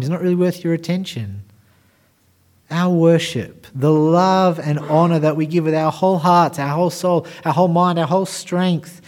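Emphatic preacher, slightly high voice. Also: male voice, a little mellow. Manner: emphatic, repetitive preaching in short phrases. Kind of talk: sermon.

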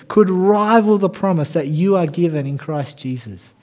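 A man's voice: high voice, lively intonation, moderate pace, few pauses, a little mellow. A man preaching a sermon in short, emphatic, repeated phrases.

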